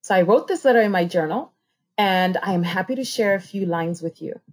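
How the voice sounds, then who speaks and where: A woman's voice: on the low side, fairly quick. A woman speaking in an earnest, heartfelt personal monologue on a podcast, repeating phrases for emphasis.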